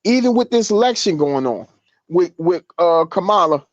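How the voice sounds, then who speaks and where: A man's voice: high-pitched, lively intonation, moderate pace, no room sound, dull audio. A man in a casual podcast chat, talking earnestly and rambling with restarts.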